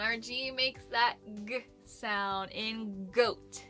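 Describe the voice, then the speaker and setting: A woman's voice: on the high side, fairly even intonation, extremely slow, few pauses, pushed and bright, soft background music. A young woman teaching a children's phonics lesson, encouraging and sing-song, praising often.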